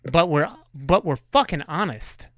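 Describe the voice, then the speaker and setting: Man, podcast host, casual chat, swears a lot, lively voice, dry close mic. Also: on the high side, measured pace, dry recording. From New York. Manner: animated storyteller, swears freely.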